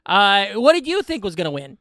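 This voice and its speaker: Bright, high-voiced joking podcast host. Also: male voice, wildly swooping pitch, clear, resonant tone, dry recording, studio quality. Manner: joking, quick, laughs often. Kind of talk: casual comedy podcast chat.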